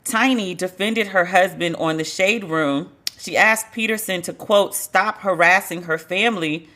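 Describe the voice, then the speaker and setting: A woman's voice: lowish voice, unhurried, bright, forceful tone. A woman hosting a podcast, giving blunt, wry gossip commentary with laughing asides and casual swearing. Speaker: podcast host.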